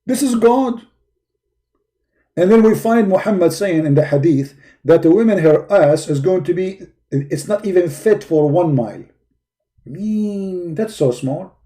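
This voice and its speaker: A man's voice: high-pitched, animated, normal speed, dark tone. A man hosting a call-in show, talking with a sarcastic, teasing manner and breaking into mocking sing-song.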